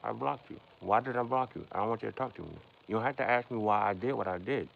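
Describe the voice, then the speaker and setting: A man with a gravelly, somewhat low voice runs a casual livestream, musing out loud and talking straight at his chat. The sound is dull and lo-fi, with a faint noise underneath. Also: quick pace. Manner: rambling, philosophizing, addressing chat directly. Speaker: livestream host.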